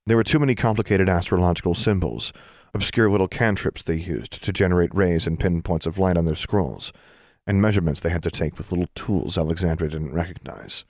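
A man narrating a fantasy novel audiobook in a calm, even reading. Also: deep voice, brisk, no echo, clean studio sound. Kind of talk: scripted narration.

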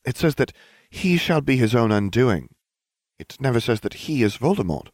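A man voicing a bossy, studious teenage girl who is a witch, in a higher, precise, exasperated tone. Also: very animated, moderate pace, darkish tone, dry recording, clean studio sound. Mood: earnest, bossy.

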